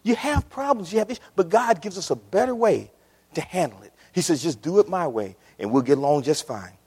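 A man's voice: on the high side, expressive, brisk, darkish tone, breathy edge. A man preaching a sermon to his congregation, impassioned and repetitive, often calling out to the church. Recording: reverberant church hall.

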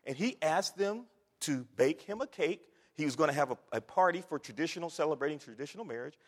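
A man preaching a sermon, swinging from hushed whispers to loud exhortation. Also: a little high, expressive, fast. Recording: long hall reverb.

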